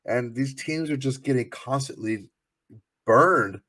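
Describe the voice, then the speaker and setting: A man's voice: medium pitch, a little slow, sharp tone. A man co-hosting a sports podcast, telling loose, profane stories full of fillers. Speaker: podcast co-host. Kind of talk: casual sports chat.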